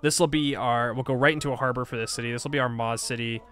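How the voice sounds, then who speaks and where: Man, gameplay commentator, thinks aloud, mid pitch, self-mocking grumbles, faint music bed. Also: steady tone, quick pace, fairly bright tone. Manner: thinks aloud, frustrated and self-mocking, frequent sighs and laughs. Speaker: gaming YouTuber. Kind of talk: casual Let's Play commentary.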